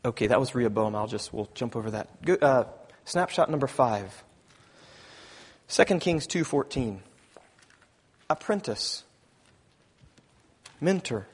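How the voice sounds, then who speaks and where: A man preaching a sermon who reads scripture aloud, rises to loud emphasis, often clears his throat and corrects himself. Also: mid-range voice, animated, a little slow, long pauses.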